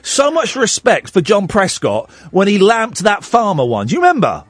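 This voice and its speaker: Male phone-in host, high voice, sardonic late-night chat. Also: normal speed, slightly rough, dry recording. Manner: sarcastic, animated, laughs at own stories.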